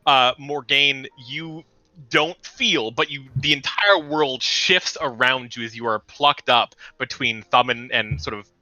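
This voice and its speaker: A man narrating a tabletop game as game master, vividly and with halting restarts. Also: medium pitch, pushed and bright, no echo, poor audio.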